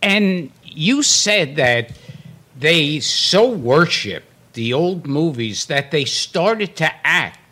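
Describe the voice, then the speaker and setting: Slow-talking man asking interview questions. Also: a little high, very animated, bright, forceful tone. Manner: asks measured questions, adds short agreements. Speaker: podcast co-host. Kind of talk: casual interview chat.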